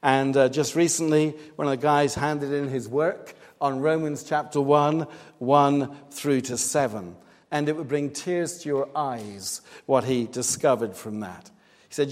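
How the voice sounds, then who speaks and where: A man's voice: mid-range voice, a little slow. A man preaching a sermon in a church, earnest and emphatic, pressing hard on his key points. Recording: long reverb, hall-like.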